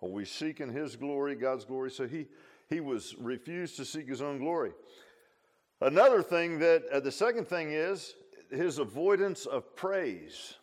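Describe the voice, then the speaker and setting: A male pastor delivering a sermon with a fairly high-pitched voice. He talks in a homespun, conversational manner, and he keeps circling back with emphatic asides and repeated phrases. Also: animated, measured pace. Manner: repeats himself and restarts often.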